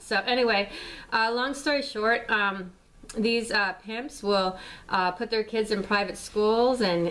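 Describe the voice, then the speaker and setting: A woman's voice: medium pitch, a bit bright, low-quality recording. A middle-aged woman in a rambling, heated, profane rant for a vlog, swearing constantly. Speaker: vlogger. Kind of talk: angry profane rant to camera.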